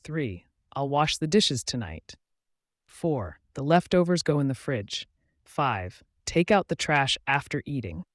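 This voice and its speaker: A man reading numbered everyday phrases slowly and clearly for learners. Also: medium pitch, sing-song, fairly bright tone, no echo, clean studio sound. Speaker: English teacher.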